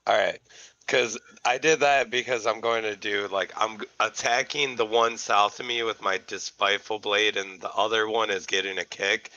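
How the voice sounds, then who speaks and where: A man's voice: lowish voice, fairly even intonation, moderate pace, pushed and bright, no echo, lo-fi sound. A man playing a tabletop game, explaining his moves step by step. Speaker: player. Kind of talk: casual play at a tabletop game.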